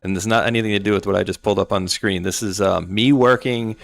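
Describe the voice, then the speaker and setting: A man's voice: lowish voice, steady tone, quick pace, vocal fry. A man hosting a livestream show, chatting casually and telling rambling, jokey stories.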